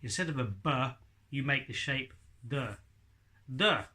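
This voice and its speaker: A man's voice: medium pitch, moderate pace, bright, forceful tone. A man teaching ventriloquism in a casual video lesson, chatty and laughing often as he demonstrates sounds.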